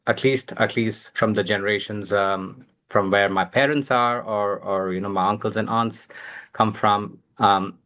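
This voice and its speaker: A man's voice: fairly low pitch, fairly even intonation, a little slow, bright, forceful tone. A man speaking as a guest on a parenting panel, talking with many fillers and restarts. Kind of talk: casual panel discussion.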